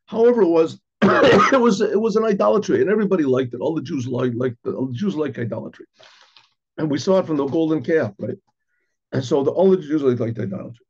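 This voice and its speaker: A middle-aged man, a rabbi, teaching an informal class in a conversational way, restarting phrases, asking rhetorical questions and often clearing his throat. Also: fairly high pitch, fast. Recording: dull lo-fi recording.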